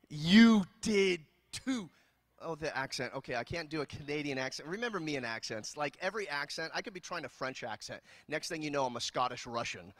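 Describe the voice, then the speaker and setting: A man from California preaching a sermon as pastor, telling jokes and stories in an animated way. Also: on the high side, no room sound, studio quality. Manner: animated, joking storyteller. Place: church.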